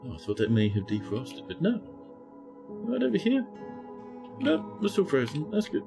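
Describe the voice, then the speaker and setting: A man's voice: fairly high pitch, huge pitch swings, moderate pace, gravelly, music in the background. A man giving chatty live-stream commentary as he plays a game, talking to his chat and scolding the characters on screen. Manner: chatty, talks to chat while playing.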